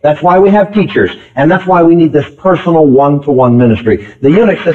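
A man's voice: a little high, expressive, fairly quick, few pauses, a little mellow. A man preaching a sermon in an emphatic style, repeating key phrases and calling out questions to the congregation. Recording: tinny phone-like old tape recording.

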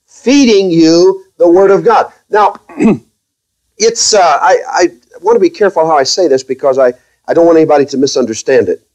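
A pastor speaks to the congregation he leads, choosing his words with care, backing up to restart, and slipping in mild sarcasm. The voice is a little high and the audio is poor.

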